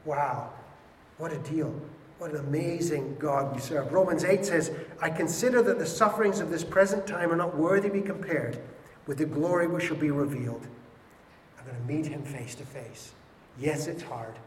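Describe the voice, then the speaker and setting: A man preaching a sermon with passion, swinging between loud and hushed delivery. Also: on the high side, moderate pace, a little hiss or hum. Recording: echoey hall with faint ambience.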